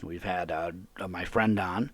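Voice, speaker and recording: A man with a very low, husky voice rants indignantly as he hosts a live call-in podcast. He circles back on the same complaints over and over, sounding close and dry with no room around him. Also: steady tone, unhurried, a bit bright, no room sound. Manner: ranting, repetitive, indignant. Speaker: podcast host.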